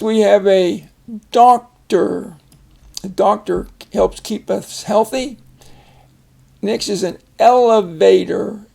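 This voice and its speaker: Older male phonics tutor, gravelly fry, unhurried and patient. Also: high-pitched, darkish tone. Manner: slow, patient, explains word by word. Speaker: phonics teacher. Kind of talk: casual reading lesson.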